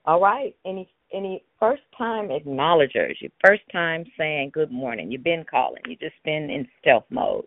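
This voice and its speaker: A woman's voice: low-pitched, expressive, normal speed, few pauses, dry recording. A woman hosting a call-in prayer line in a casual, playful way, laughing often and now and then breaking into song. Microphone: phone. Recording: phone line, dry.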